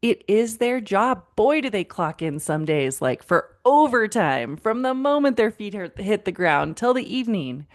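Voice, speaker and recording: A woman's voice: mid-range voice, big pitch swings, unhurried, few pauses. Conversational woman podcast host. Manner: conversational, addresses listener as friend, retells client conversations. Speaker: parenting podcast host and counselor. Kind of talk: warm direct-address podcast talk.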